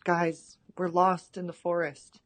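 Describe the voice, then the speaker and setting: A woman's voice: fairly low pitch, flat delivery, takes it slowly. A woman leaving a rambling, giggly voice message for a podcast, full of ums. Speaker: voicemail caller. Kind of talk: casual recorded voice message.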